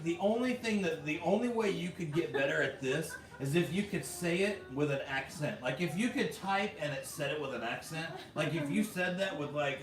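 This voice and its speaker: A man's voice: fairly high pitch, fairly bright tone, distant mic. Casual vlog host, American male, talkative with frequent laughs, faint room hum behind. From United States. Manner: chatty, laughs often, fillers like "like" and "bro". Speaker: vlog host reading viewer comments. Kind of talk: casual livestream chat. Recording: roomy echo, a bit off mic, faint background hum.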